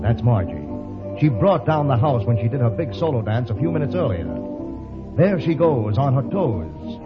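A man's voice: mid-range voice, sing-song, normal speed, close to an everyday voice. A man narrating a 1930s radio serial in a dramatic, inviting way. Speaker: announcer and narrator. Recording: dull old radio recording with music.

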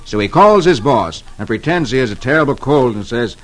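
A man's voice: mid-range voice, expressive, fairly quick, low-quality recording. A man hosting an old-time radio comic reading, telling the story in a playful, storytelling way. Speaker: host reading the Sunday comics.

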